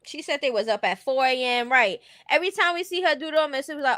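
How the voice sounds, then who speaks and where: A woman's voice: on the high side, expressive, brisk, few pauses, sharp tone, no echo, studio quality. A woman streaming casual commentary, blunt and opinionated, often laughing as she talks.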